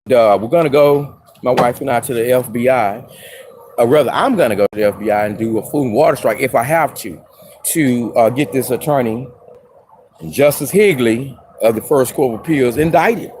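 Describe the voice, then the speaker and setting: A man making an impassioned spoken statement. He halts and restarts often, then rises into loud outbursts. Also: medium pitch, a little hiss or hum. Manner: halting, with many restarts and fillers. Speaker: self-represented litigant.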